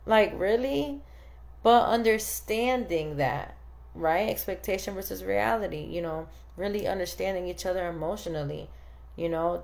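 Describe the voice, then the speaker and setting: A woman's voice: mid-range voice, creaky, a little mellow. A woman in her thirties hosting a casual chat, telling stories animatedly and acting out quoted dialogue. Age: 30s. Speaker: podcast host.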